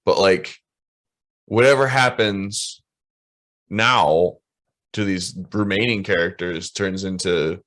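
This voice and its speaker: Low-voiced casual podcast guy. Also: slow, pauses often. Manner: relaxed, swears often, many fillers. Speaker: podcast co-host. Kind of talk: casual chat.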